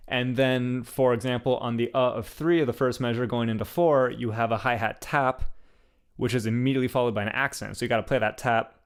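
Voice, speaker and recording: A young man teaching a drum beat in a casual, relaxed way, explaining hi-hat accents with enthusiasm and frequent fillers. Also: mid-range voice. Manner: relaxed, enthusiastic, uses "like" and "um" often.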